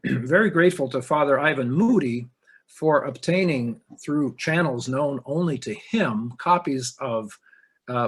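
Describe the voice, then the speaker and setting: A middle-aged man giving a measured webinar lecture on church music, explaining carefully with frequent hesitations over a computer microphone. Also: medium pitch, husky.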